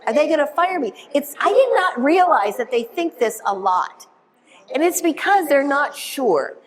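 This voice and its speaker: High-pitched energetic woman keynote speaker. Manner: energetic, animated, engages the audience with questions. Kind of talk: motivational keynote talk. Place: conference room before a live audience.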